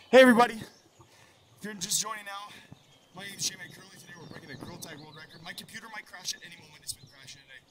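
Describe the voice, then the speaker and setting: A man streaming a VR game, commentating loudly, shouting and laughing as he plays, a bit out of breath. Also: high-pitched, slight background noise. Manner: hyped, shouting and laughing while playing. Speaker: gaming livestreamer. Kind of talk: excited livestream commentary.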